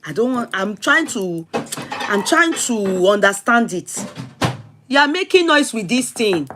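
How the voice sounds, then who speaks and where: A woman's voice: a little high, sing-song, a little slow. Nigerian woman host, noisy recording. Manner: agreeing, interjecting briefly. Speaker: show host.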